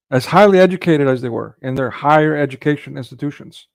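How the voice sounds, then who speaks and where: A man's gravelly, creaky voice, recorded dry and close. He delivers an indignant commentary rant, firing off rhetorical questions as he reacts to clips. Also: on the high side, quick pace, few pauses, no room sound. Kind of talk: heated commentary monologue.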